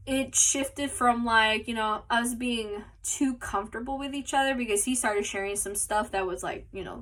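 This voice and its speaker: A woman chats her way through a personal story as a podcast host, rambling and filling gaps with "like" and "you know". Her voice sits a little high and sounds bright and sharp. She is recorded on a phone held some distance away, so she sounds a bit far off. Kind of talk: casual storytelling. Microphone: phone mic.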